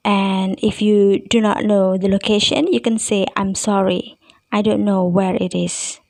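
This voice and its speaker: A woman English teacher with an Indonesian accent, calmly explaining test questions and reading out example answers in a recorded lesson. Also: medium pitch, measured pace, vocal fry, dry recording, poor audio.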